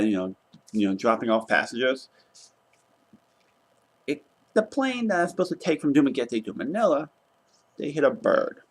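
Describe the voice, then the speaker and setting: A young man vlogging casually, retelling a travel mishap in an exasperated, animated way and swearing now and then. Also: medium pitch. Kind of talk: casual travel vlog rant.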